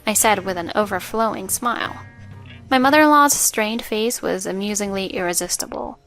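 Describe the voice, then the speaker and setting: A woman giving a scripted first-person story narration in an even, measured way. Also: medium pitch. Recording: faint music underneath.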